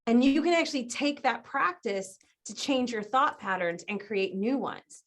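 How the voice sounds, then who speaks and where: A woman guest on a podcast interview, explaining ideas in an animated way, often laughing and acting out other people's voices. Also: a little high, moderate pace. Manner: animated, acts out quoted voices. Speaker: guest business strategist.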